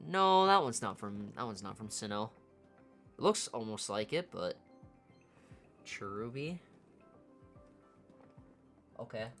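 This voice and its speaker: A woman streamer giving casual, low-key commentary, murmuring card names half to herself.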